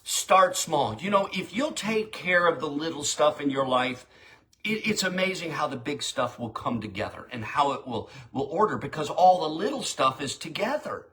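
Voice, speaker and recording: A man's voice: fairly high pitch, animated, normal speed, fairly bright tone. A middle-aged man preaching a short daily devotional in a folksy, direct, exhorting way.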